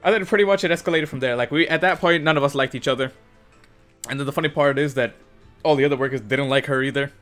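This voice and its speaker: A young man casually telling a work story for his gaming channel, animated and cursing, acting out the other people in shifting voices. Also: mid-range voice, fast talker. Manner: animated, swears, acts out quotes in shifting voices. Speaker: gaming youtuber. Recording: faint music underneath.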